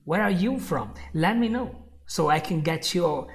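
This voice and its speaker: Lady teaching english on a live stream, talks slow, repeats stuff, laughs a lot, says my friend. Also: on the low side, animated, vocal fry. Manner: repeats key phrases, chuckles often, calls the viewer "my friend". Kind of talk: live online English lesson.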